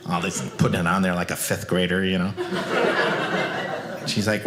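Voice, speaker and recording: A man performing a stand-up comedy set, telling animated stories and acting out family members. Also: low voice, moderate pace, pauses often. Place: comedy stage before a live audience. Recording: echoey club recording with loud noise.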